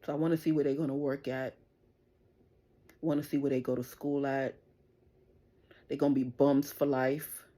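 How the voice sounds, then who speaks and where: Ranting to camera with plenty of swearing, this middle-aged vlogger confronts her audience, repeatedly jabbing "you understand?" Her dark, rumbling low voice stays level at a moderate pace, broken by long pauses.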